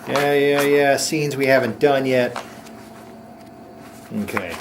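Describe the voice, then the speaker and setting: A man hosting his own comedy show, ranting sarcastically with quick mocking asides. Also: mid-range voice, fairly even intonation, background noise. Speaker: host. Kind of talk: sarcastic comic monologue.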